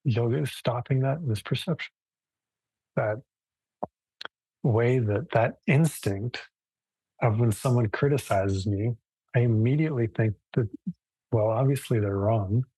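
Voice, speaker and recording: A man teaching a relaxed live yoga class online, talking casually and thoughtfully, with frequent restarts. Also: medium pitch, a little slow, pauses often, husky, no echo, low-quality recording.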